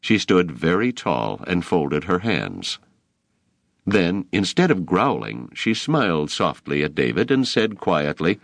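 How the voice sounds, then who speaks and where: A man narrating an audiobook in a very low voice with a lively, shifting pitch. He tells the story in an expressive, unhurried way, close to the mic. The studio sound is dry, with no room echo. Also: creaky. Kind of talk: scripted narration.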